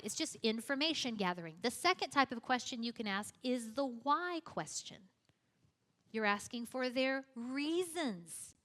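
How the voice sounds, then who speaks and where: A young woman teaching a class in a relaxed, chatty way, her voice bright and a touch high for a woman. She drops casual, self-deprecating asides as she explains. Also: a little slow. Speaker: youth apologetics teacher. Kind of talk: conversational teaching talk.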